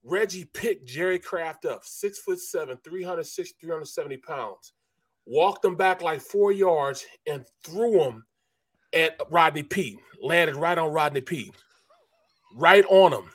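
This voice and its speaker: Animated storytelling man, fairly high voice. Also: measured pace, no echo. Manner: animated storyteller, acts out quotes. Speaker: co-host, former NFL lineman. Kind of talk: casual sports radio storytelling.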